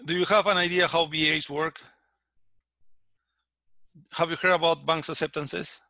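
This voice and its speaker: A man's voice: on the high side, flat delivery, moderate pace, bright, forceful tone, no echo. A man teaching a finance class over a video call, often stopping to check that students follow. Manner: checks understanding often, with many restarts. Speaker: finance lecturer. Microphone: computer mic on a video call.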